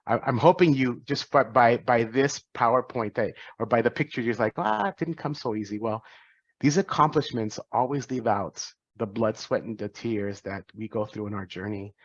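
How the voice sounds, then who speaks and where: A man in his forties speaks earnestly to students, reflecting on his path and often restarting a phrase. His voice sits at an ordinary pitch. The recording is dry and a little dull. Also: normal speed, dry recording. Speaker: physician and guest speaker. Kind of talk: personal talk to students.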